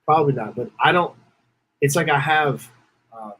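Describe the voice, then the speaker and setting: A man's voice: a little high, normal speed, fairly bright tone, slightly rough, poor audio. A man hosting a podcast, telling a story in a casual, rambling way, repeating himself and holding back tears. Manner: emotional, rambling, repeats phrases. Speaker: podcast host.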